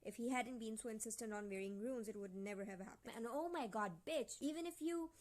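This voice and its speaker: A young woman vlogging her reactions to a novel, swinging between indignant outbursts and quiet, muttered reading of passages. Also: a little high, fairly quick. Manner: indignant, exasperated rants. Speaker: book vlogger.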